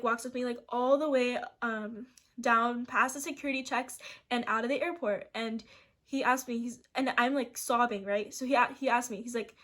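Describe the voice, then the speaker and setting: A woman's voice: a little high, fairly bright tone. A young woman from Seattle telling a story to camera in casual storytime style, rambling with lots of "like" and restarts. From Seattle, USA. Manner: rambling, full of "like" fillers and restarts. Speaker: vlogger.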